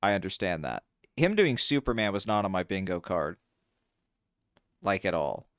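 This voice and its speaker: Smooth-voiced man in animated chat. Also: moderate pace, no room sound. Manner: animated, swears freely, jumps in pitch when excited. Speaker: podcast co-host. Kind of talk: casual chat.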